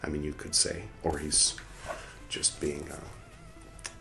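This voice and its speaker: A man's voice: completely flat delivery, faint music behind. A man hosting a podcast, reading an old religious text aloud and stopping to comment in a casual, musing way. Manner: reads quotes slowly and loudly, comments in a lower conversational voice; muttering asides to himself. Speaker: podcast host reading scripture.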